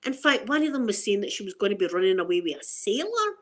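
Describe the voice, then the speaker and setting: A Scottish woman in her forties, chatting casually on a live stream and telling funny stories about herself. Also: fast. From Scotland. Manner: animated, self-mocking, quotes herself in a high excited voice. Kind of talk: casual live chat storytelling.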